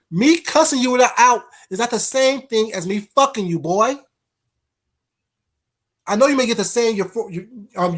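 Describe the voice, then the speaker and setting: A man's voice: sits high, fairly bright tone. A man hosting a casual livestream, bluntly cussing out trolls and greeting viewers in the chat by name. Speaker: livestream host.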